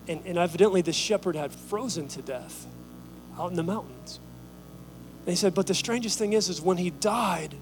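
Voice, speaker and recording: A man preaching a sermon as pastor, telling a story and urging the congregation, moving from loud calls to hushed, near-whispered lines. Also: fairly high pitch, poor audio.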